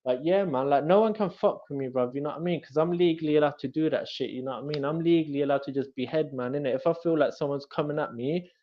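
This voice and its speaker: A man's voice: on the high side, fast talker, few pauses, a little hiss or hum. A man chatting casually on a livestream, boastful and rambling with lots of slang fillers. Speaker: livestream host. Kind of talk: casual chat. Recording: muffled lo-fi audio.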